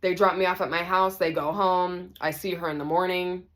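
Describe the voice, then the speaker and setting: A woman vlogger telling a story to the camera, casual and animated, acting out the voices of the people in it. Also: lowish voice, normal speed. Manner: animated, acts out everyone's voices.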